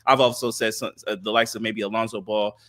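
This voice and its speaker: A man co-hosting a podcast, giving thoughtful casual sports talk with many filler pauses. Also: fairly low pitch, flat delivery, sharp tone. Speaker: podcast co-host.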